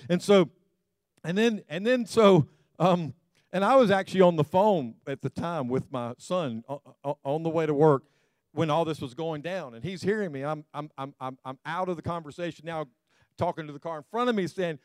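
A man's voice: on the high side, a little fast, a little mellow, smooth, no room sound, studio quality. A middle-aged man preaching a sermon to his congregation, telling stories with self-deprecating humor and speaking to them directly. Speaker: pastor.

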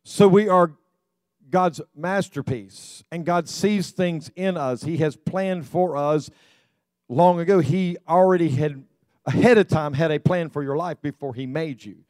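A man's voice: a little high, a little slow, darkish tone, no echo. A pastor preaching a sermon, telling folksy stories and often repeating words as he restarts. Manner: repetitive restarts, folksy storytelling.

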